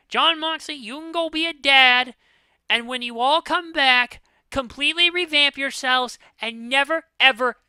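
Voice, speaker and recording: A woman's voice: high voice, sharp tone, no room sound. A woman co-hosting a wrestling predictions show, swearing freely and ranting, swinging between fuming outbursts and tired sighs. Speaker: podcast co-host. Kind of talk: casual wrestling prediction chat.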